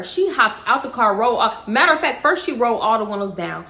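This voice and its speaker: A woman with a Texas accent tells a casual storytime in a bright, fairly high voice. She is animated and dramatic and swears freely as she talks. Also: fast. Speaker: vlogger.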